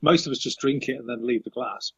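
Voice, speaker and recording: A man's voice: mid-range voice, quick pace, gravelly, fairly bright tone, husky, no room sound. A man at a tabletop role-play game, teasing and stumbling over his words. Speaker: player. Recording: dull lo-fi sound.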